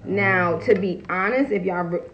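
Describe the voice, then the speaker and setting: A woman's voice: fairly low pitch, moderate pace, dull audio, slight background noise. A woman chatting casually on a phone livestream from home, blunt and profane, laughing often and breaking off to greet viewers. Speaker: live streamer greeting viewers.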